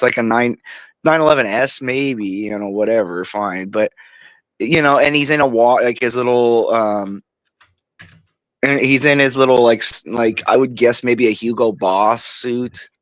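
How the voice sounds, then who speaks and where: A slightly drunk man talking bluntly and rambling in casual podcast chat, with drawn-out repetitions. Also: mid-range voice, a bit bright, no echo. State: tipsy.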